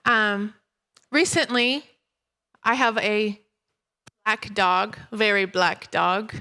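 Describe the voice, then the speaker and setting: A woman in her thirties preaching a sermon and telling a personal story in an animated way. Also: medium pitch, extremely slow. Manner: animated storytelling, breaks into laughter.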